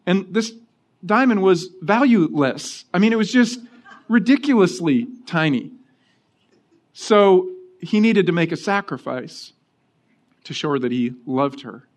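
Man preaching with a higher voice. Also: a little slow. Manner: storytelling, animated, acting out quoted voices. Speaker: pastor. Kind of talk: sermon with personal stories.

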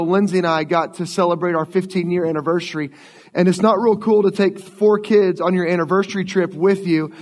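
A man in his late thirties preaching a sermon as pastor, telling stories in a conversational way. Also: high voice. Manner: conversational storytelling. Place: church sanctuary. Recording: long church hall reverb.

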